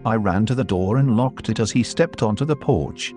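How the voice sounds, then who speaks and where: A man's voice: on the low side, moderate pace, a little mellow. A man narrating a first-person horror story and voicing its dialogue. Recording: faint music underneath.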